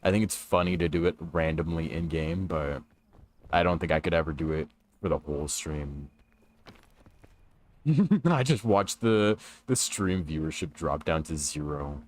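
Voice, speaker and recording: A man's voice: rumbling low, little pitch movement, moderate pace. A young man chatting casually with viewers on a gaming livestream from his room, laid-back and talkative, greeting people as he plays. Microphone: stream microphone.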